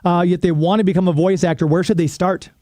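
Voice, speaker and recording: A male host with a high but mellow voice, recorded dry and close. He asks his questions in a conversational, easygoing way. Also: steady tone, fast, dry recording. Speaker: radio show host. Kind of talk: interview hosting.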